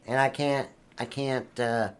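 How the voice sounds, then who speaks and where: A man's voice: mid-range voice, fairly even intonation, measured pace, clear, resonant tone, lightly acted. An actor playing a crude, boastful trailer park man who rambles and swears constantly in an improvised comedy sketch. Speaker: comedy character.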